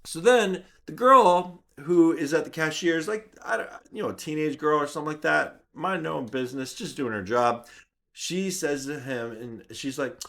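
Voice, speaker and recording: A man with a YouTube channel, telling a personal story in an animated, self-mocking way. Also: a little high, normal speed. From Canada. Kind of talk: vlog storytelling.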